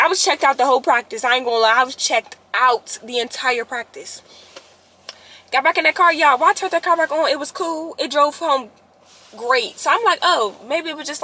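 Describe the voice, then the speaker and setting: A young woman, telling a story to her viewers in a casual, animated way, often rising to exasperated outbursts. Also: high-pitched, normal speed. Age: young adult.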